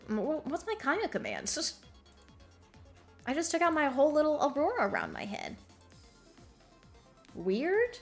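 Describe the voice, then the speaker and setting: A woman streamer chatting casually with her viewers while gaming, bubbly and giggly, full of slang. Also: fairly high pitch.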